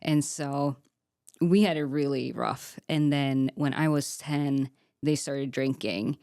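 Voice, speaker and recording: A woman's voice: very deep voice, slow, mellow, no echo, studio quality. A young woman giving an earnest, candid personal faith testimony as a podcast guest, with frequent "like" fillers. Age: young adult.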